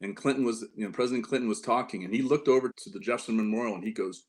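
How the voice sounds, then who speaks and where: A middle-aged man with a fairly low voice, from Upstate New York, recounts stories as an interview guest. He talks casually and rambles, looping back with "you know" and restarting sentences as he goes. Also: very fast, few pauses, a little mellow. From Upstate New York, near Lake Ontario. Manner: rambling anecdotes with many fillers and restarts. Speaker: interview guest, former White House staffer.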